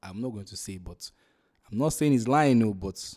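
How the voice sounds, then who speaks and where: Mellow low-voiced man hosting. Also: normal speed. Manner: animated, repeats and restarts phrases. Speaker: podcast host. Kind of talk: casual podcast discussion.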